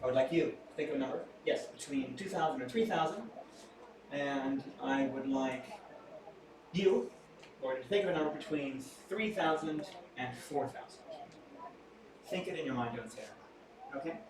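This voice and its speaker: A man's voice: mid-range voice, moderate pace, long pauses. Playful male mentalist in an echoey room. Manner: playful, theatrical, jokey asides to the crowd. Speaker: mentalist performing on stage. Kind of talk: live stage magic patter with audience. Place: small restaurant venue with live audience. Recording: echoey room, far from mic, audience noise.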